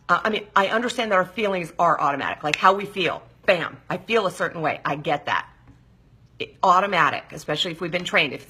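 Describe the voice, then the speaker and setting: Gravelly, sharp-toned woman hosting a talk show. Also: deep voice. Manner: emphatic, asks rhetorical questions. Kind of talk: live talk-show monologue.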